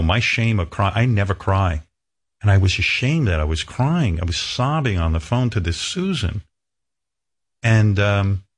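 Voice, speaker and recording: A radio host in his sixties speaks candidly and with emotion in a talk-show conversation, rambling and restarting many times. His voice is medium-pitched with a breathy edge.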